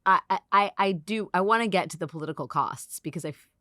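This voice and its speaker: A woman hosting a political podcast, talking in a sarcastic, profane and animated way. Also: on the low side, quick pace, no room sound, studio quality. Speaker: podcast host. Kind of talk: casual political chat.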